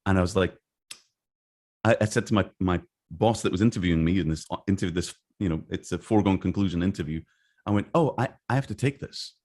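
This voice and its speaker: A man's voice: deep voice, fairly even intonation, quick pace, a little mellow. A middle-aged man from England telling stories in a casual interview, rambling with restarts and acting out the dialogue he recalls. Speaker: interview guest, game artist.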